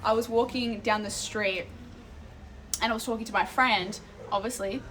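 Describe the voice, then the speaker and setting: A young Australian woman streaming live, telling stories in a casual, animated way and swearing freely. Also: fairly high pitch, normal speed, slight background noise.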